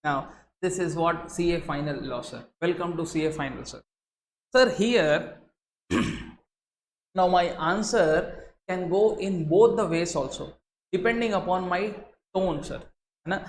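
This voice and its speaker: A man's voice: high-pitched, unhurried, long pauses. An Indian English-accented man teaches law to exam candidates, leaning on "sir" and switching his tone to make points. His voice echoes in a roomy space. Faint noise runs underneath. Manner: animated teacher, sprinkles "sir" and Hindi asides, shifts tone for emphasis. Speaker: law lecturer. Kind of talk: recorded exam-prep lecture.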